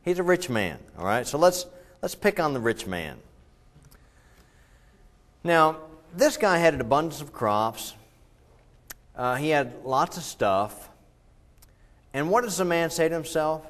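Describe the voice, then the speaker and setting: A man preaching a sermon in a church, talking with the congregation, asking them questions and swinging between loud and quiet delivery. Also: fairly high pitch, very animated, measured pace, long pauses. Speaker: pastor.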